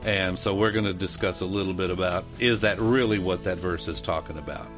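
A man co-hosting a Christian radio talk show, calmly outlining a Bible book and quoting verses. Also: deep voice, fairly quick, faint music behind. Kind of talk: conversational Bible discussion.

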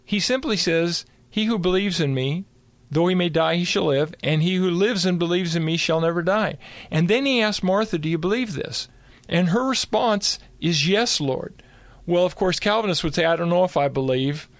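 Higher-voiced man explaining scripture. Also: normal speed, dry recording. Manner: explanatory, quotes scripture verse by verse. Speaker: co-host and Bible teacher. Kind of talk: theological discussion.

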